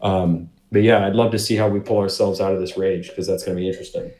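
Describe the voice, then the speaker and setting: A man playing a tabletop game, describing his character in a halting way with many fillers. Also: low-pitched, steady tone, dark tone. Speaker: player. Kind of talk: casual tabletop game play.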